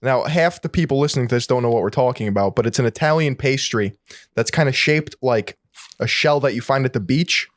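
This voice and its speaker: A man's voice: medium pitch, brisk, dry recording, studio quality. A young man co-hosting a podcast, talking casually and expressively, swearing and laughing easily. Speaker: podcast co-host. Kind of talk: casual chat.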